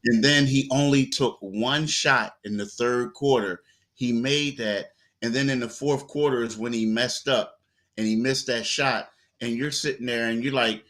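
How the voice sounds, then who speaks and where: A man co-hosting a sports talk show, telling stories in a loose, animated way with lots of quoted asides. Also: medium pitch, measured pace.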